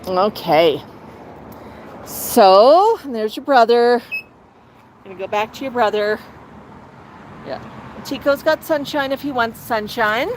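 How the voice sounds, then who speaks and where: A woman chats casually on an outdoor patio, her voice sitting a touch high. She drifts into playful coaxing baby talk for her parrots. Faint car noise hums behind the phone recording. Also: expressive, slow pace, pauses often, low-quality recording. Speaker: parrot owner hosting a livestream. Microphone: cell phone.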